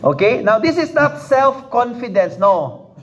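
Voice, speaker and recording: Emphatic high-voiced preacher. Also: male voice, big pitch swings, measured pace, a bit bright. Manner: repeats phrases, emphatic, asks the congregation questions. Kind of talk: sermon. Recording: dull lo-fi recording.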